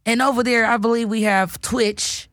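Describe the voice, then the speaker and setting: A woman hosting a cannabis radio show, talking loud, profane and playful, hyping up her guest. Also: fairly high pitch, steady tone, moderate pace, no room sound, clean studio sound. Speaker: podcast host. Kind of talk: casual radio show chat.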